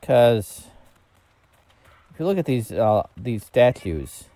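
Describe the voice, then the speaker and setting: A man's voice: mid-range voice, big pitch swings, slow, mellow, dry recording. A man casually commenting while he plays a game, rambling and thinking aloud with plenty of fillers. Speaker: streamer.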